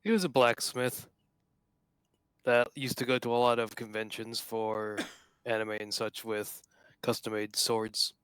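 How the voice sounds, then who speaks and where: A man running a tabletop game in relaxed casual chat. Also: mid-range voice, a little slow, clean tone, no room sound.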